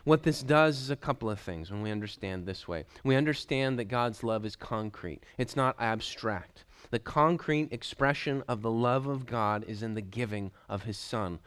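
Earnestly and emphatically, a man preaches a sermon, repeating key phrases and letting his voice sink low at the end of lines. He keeps a moderate pace with few pauses, and his tone is smooth and a little bright.

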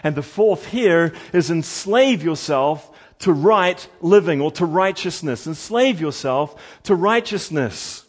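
A man preaching a sermon, animated and emphatic, moving between quiet asides and loud, lively passages. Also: a little high, slow, hardly any pauses, breathy edge. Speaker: pastor.

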